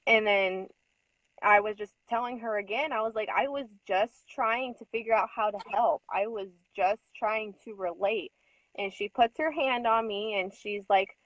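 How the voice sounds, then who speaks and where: A woman's voice: mid-range voice, moderate pace, no echo, lo-fi sound. Upset woman recounting an incident, hesitant. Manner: hesitant, filler-heavy storytelling; audibly upset, near tears at times. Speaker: conference attendee recounting an incident. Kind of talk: casual recounting conversation.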